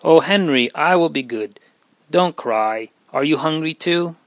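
A man's voice: a little high, lively intonation, unhurried, no room sound, pitched above the performer's own voice. A man reading an audiobook, voicing a frightened, hungry little boy who wails and pleads. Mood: wailing. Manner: wailing, pleading.

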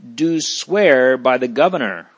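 A man's voice: mid-range voice, animated, slow pace, breathy edge. Man reading out a stern scornful governor, threatening, storybook style.

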